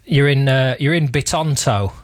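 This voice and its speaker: A man's voice: medium pitch, moderate pace, dry recording. A man hosting a radio show, telling a story to his co-host in a playful, teasing way. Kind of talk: casual radio chat. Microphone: studio microphone.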